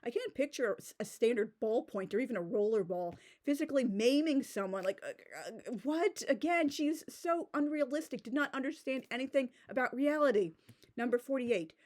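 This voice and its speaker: A woman with a slightly high voice rants about a bad book in loose, casual speech. She sounds exasperated and fills her talk with filler words and restarts. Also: animated, fairly quick, a little mellow. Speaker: book reviewer. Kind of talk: casual critical rant.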